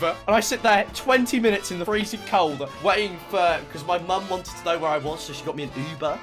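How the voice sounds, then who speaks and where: A man's voice: high-pitched, normal speed, hardly any pauses, faint music behind. A young man, telling a storytime on his stream and acting out what everyone said. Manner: animated, acts out quotes of others.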